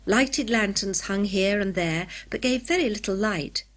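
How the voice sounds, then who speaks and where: Woman narrator, clear measured storybook reading, mid-pitched. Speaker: audiobook narrator. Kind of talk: scripted narration.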